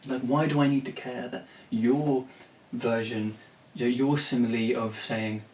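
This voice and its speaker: A man's voice: mid-range voice, steady tone, a little slow, darkish tone, slight background noise. Male vlogger, blunt and rambly, swears, recorded roomy and off-mic. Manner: rambling, blunt, swears freely, many restarts. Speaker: songwriter and vlogger. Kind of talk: rambling talk to camera. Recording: roomy, distant from the mic, faint ambience.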